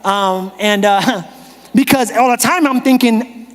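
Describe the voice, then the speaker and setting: Animated high-voiced pastor preaching. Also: male voice, slow pace, slight background noise. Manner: animated, humorous storytelling, shifts from shouting to whispering. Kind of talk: sermon. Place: church auditorium. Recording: reverberant church hall.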